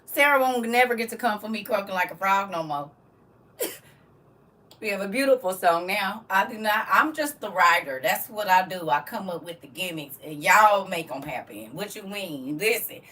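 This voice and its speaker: A middle-aged woman hosting a livestream, laughing and teasing her viewers in casual chat, with a voice she calls croaky. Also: mid-range voice, animated, normal speed, bright, forceful tone, far from the mic. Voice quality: self-described croaky frog voice. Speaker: livestream host.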